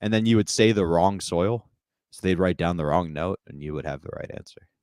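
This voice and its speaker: A man who is a stand-up comedian, co-hosting a podcast and telling rambling stories with deadpan jokes. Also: low voice, brisk, no echo, clean studio sound. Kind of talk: casual comedy podcast banter.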